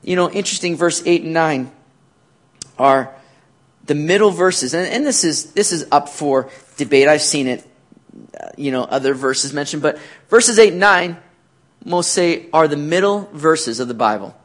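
Male pastor, high-pitched, animated preacher who asks rhetorical questions and now and then nearly shouts. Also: moderate pace. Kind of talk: sermon.

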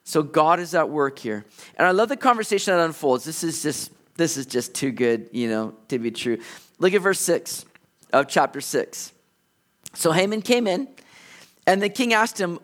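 A male pastor preaching, lively and conversational as he retells the passage. His voice sits notably high for a man. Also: normal speed. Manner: animated storytelling, conversational. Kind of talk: expository sermon.

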